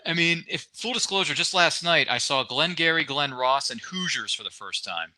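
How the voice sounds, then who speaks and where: A man hosting a casual movie watch-along, upbeat and quick to laugh at himself. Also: on the high side, expressive, background noise. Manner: upbeat, laughs often, self-deprecating.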